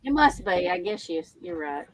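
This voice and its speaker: A woman's voice: fairly low pitch, sing-song, normal speed. A woman from Tennessee, chatting casually on a live stream and laughing as she talks. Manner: chatty, laughs while talking. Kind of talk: casual livestream chat.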